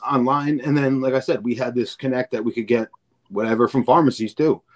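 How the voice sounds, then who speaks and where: A man's voice: mid-range voice, fairly even intonation, fairly quick. A man, a podcast guest, telling stories in a rambling, profane way and repeating words as he acts out each scene. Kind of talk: casual storytelling chat.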